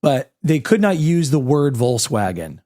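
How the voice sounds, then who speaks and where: A man co-hosting a podcast, sharing film trivia in casual chat with relaxed asides. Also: mid-range voice, unhurried, dry recording, studio quality. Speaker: podcast co-host.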